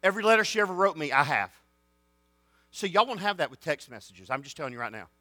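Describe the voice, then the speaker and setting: A man preaching to students, rising to shouted excitement. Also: on the high side, fast, dry recording, soft background music. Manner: folksy, builds to shouted excitement. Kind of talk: sermon storytelling.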